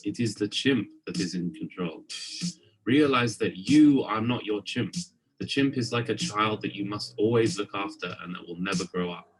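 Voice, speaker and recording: Male narrator, low voice, calm scripted book summary, faint music bed. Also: poor audio.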